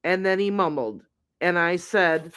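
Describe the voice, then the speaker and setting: A man hosting a true crime show, reading his trial notes aloud in a slow, deliberate, halting way. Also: high-pitched, sharp tone, clear, resonant tone.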